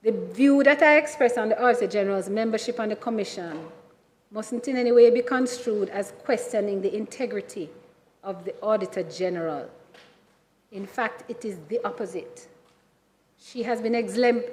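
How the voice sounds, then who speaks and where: A woman senator with a Jamaican accent giving a formal parliamentary speech, measured and emphatic, repeatedly addressing the chair. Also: on the high side. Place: senate chamber. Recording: reverberant chamber sound.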